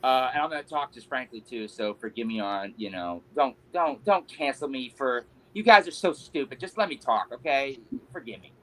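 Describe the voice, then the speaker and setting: A man's voice: mid-range voice, lively intonation, normal speed, few pauses, pushed and bright, rough recording. A male pro wrestler, a guest on a podcast, telling a story casually in a rambling, sheepish, self-mocking way, full of fillers.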